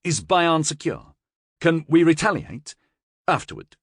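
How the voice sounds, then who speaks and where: A man's voice: a little high, big pitch swings, unhurried, no echo, studio quality, voice pushed up, heavily acted. A man voicing an anxious young female lieutenant who asks urgent questions. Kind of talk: audiobook character voice.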